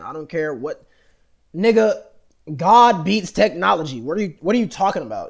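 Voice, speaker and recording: Rambling, profane American man, slightly high. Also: very animated, normal speed, gravelly. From United States. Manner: profane, rambling, heavy with fillers and restarts. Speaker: vlogger. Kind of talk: rambling monologue to camera.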